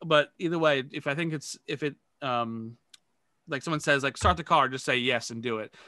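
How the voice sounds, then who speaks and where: Man, podcast host, rambling improv coaching, bright voice, dry recording. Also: mid-range voice, normal speed, no room sound. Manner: rambling, filler-heavy, coaching. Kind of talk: casual podcast chat.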